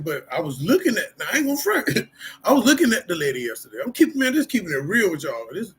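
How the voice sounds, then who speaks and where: Man, middle-aged, husky voice, casual candid talk, street slang, rambling with fillers. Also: high voice, fairly bright tone, poor audio. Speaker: vlogger sharing personal recovery. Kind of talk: casual personal talk to camera.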